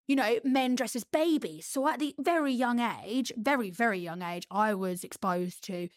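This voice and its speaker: A woman's voice: a little high, normal speed, dry recording, studio quality. A young woman guesting on a podcast, talking candidly and frankly, laughing now and then. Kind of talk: casual podcast chat.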